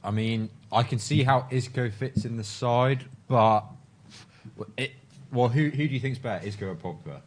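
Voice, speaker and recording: A man on a football watchalong panel, talking in a relaxed way and putting questions to the others. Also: medium pitch, normal speed. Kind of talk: casual football chat.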